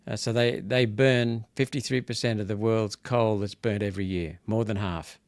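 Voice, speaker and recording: A man's voice: on the low side, steady tone, normal speed, no echo. A man hosting a live political commentary, talking casually and repeating himself as he grows indignant and emphatic. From Australia. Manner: indignant, repetitive, rising to emphatic outbursts. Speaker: senator hosting a political wrap-up.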